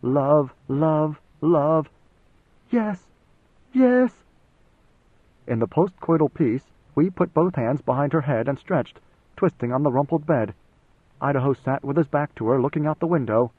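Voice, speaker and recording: A man narrating an audiobook in an even, steady storytelling manner. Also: medium pitch, brisk, husky, no echo. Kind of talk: scripted narration. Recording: dry, phone-like narrow sound.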